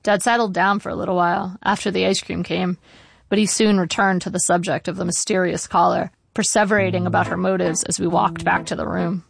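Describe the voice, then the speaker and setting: A middle-aged woman reading her own memoir aloud in a measured, wry way. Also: on the low side, little pitch movement, creaky, breathy edge, no room sound. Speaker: narrator.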